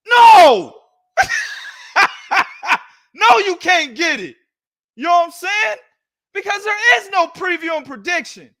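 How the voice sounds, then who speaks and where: A man hosting a boxing podcast, giving heated, profane, loud ranting commentary. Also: very high-pitched, very animated, unhurried, long pauses.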